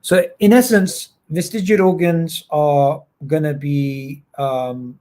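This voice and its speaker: A man hosts a live Q&A, taking callers and explaining ideas in bursts. He talks fast and emphatically, often stumbling and restarting. His voice sits a little higher than most men's. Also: steady tone, warm tone. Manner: quick, emphatic, many repeated restarts. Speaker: host. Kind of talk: livestream Q&A hosting.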